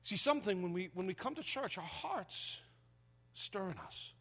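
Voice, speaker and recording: Bright-voiced preacher telling an animated story. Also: male voice, sits high, moderate pace. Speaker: pastor. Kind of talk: sermon.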